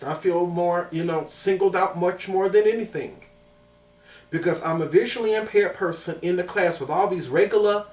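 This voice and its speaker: A man in his thirties, from Chicago, telling a personal story in an emphatic way and repeating phrases for weight. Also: high-pitched. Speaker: vlogger. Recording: roomy sound from a distant mic.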